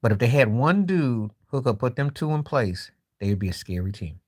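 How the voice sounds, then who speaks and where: A man hosting a live stream from his phone, talking basketball opinions in a blunt, skeptical way, with lots of rhetorical questions and frequent throat clearing. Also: medium pitch, sing-song, a little fast. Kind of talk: casual basketball opinion talk. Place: walking while streaming.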